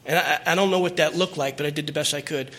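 A man's voice: fairly high pitch, steady tone, fast talker, bright, forceful tone. A middle-aged man telling his personal recovery story at a meeting, earnest and emotional, rambling with restarts.

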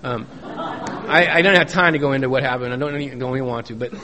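A man's voice: mid-range voice, fast talker, bright, forceful tone, a faint crowd. A middle-aged man giving a personal testimony at a recovery meeting, folksy and joking, repeating key phrases for emphasis. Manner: folksy storytelling with joking asides.

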